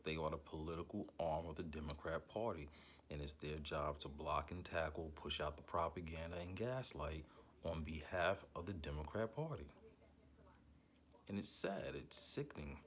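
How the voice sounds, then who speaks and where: Deep-voiced man, heated commentary host, swears, stutters when he gets mad. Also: moderate pace. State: angry. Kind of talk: angry political commentary.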